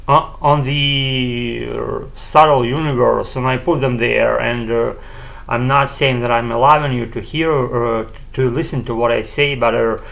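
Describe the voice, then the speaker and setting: A Ukrainian-speaking man who hosts a channel to practice spoken English rambles through a solo monologue at home. His medium-pitched voice is gravelly and fairly bright, and his speech is full of fillers, restarts, and casual swearing.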